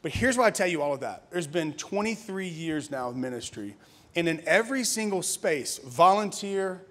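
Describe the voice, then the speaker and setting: A man's voice: fairly high pitch, animated, moderate pace, a bit bright. A pastor in his thirties from Louisiana, telling his testimony in a conversational sermon with laughs and restarts. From Louisiana, USA. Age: 30s. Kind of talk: conference sermon, personal testimony.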